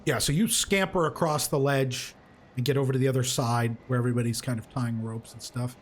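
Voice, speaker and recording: A man narrating as the game master of a tabletop game, his voice sitting at an ordinary middle pitch. He talks in a loose, rambling way, full of fillers and restarts. A faint hiss of noise runs under his home mic. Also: steady tone, a little fast.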